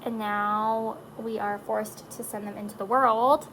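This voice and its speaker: A mother of four chats casually while doing her makeup, emotional and rambling, drifting between topics with plenty of "likes" and other fillers. Her medium-pitched, slightly bright voice is fairly even in intonation at a measured pace, on a rough recording with slight background noise.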